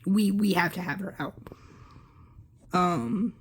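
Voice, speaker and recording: A young woman candidly recounting a personal story in a halting, casual way, swearing freely. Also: on the low side, a little hiss or hum. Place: Lancaster area.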